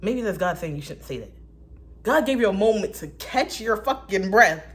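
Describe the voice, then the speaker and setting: Animated woman with blunt, profane asides. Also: medium pitch, normal speed. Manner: animated, swinging between loud outbursts and soft whispered asides. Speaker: vlogger. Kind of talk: casual spiritual musing.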